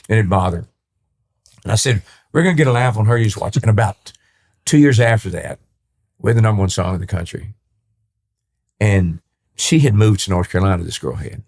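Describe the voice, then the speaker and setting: An older country singer from East Texas, guesting on a casual podcast, tells stories in a lowish voice that moves a little fast yet includes long pauses. Animated throughout, he acts out the dialogue and often restarts his lines.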